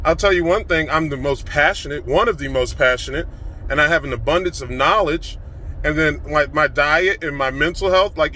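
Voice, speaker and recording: A pumped-up man pours out a motivational rant into his phone camera, his voice bright and forceful and sitting a little high. Faint traffic noise drifts in from outside the car. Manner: excited, fast-flowing, emphatic. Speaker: vlogger.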